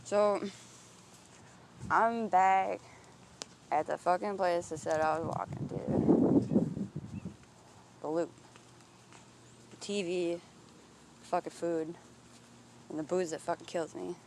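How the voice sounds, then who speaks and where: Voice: medium pitch, fairly even intonation, slow pace, vocal fry, long pauses, background noise. Profane, rambling outdoor vlogger. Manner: profane, searching, thinks aloud with restarts. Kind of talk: rambling introspective monologue. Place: outdoors, walking.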